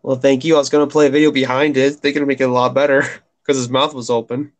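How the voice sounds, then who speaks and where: A man's voice: medium pitch, level tone, fast talker, no room sound. A man co-hosting a live drawing stream, chatting casually and joking, laughing often.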